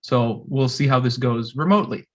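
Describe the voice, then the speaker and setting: A young composer talks through a music history presentation. His voice sits at a middle pitch, and he stops often, repeating words and filling gaps with "um" and "uh" as he thinks aloud. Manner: halting, many fillers and restarts. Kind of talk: recorded lecture presentation.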